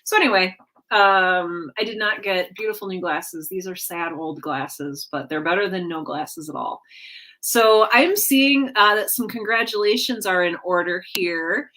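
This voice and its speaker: A woman's voice: lowish voice, measured pace, bright, forceful tone. A woman hosting a casual weekly livestream from home, chatting with her viewers in a rambling way, full of fillers and self-corrections. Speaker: livestream host. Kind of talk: casual chat with a live audience.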